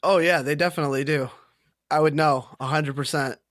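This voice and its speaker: A man's voice: fairly high pitch, steady tone, fairly quick, a bit bright, no room sound. A man co-hosting a casual gaming podcast, giggly and self-mocking. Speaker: podcast co-host.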